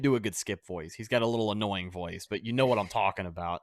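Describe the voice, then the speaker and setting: A man's voice: fairly low pitch, fast, few pauses, dry recording, studio quality. A man hosting a casual sports podcast, talking with confident, brash energy and casual swearing. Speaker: podcast host.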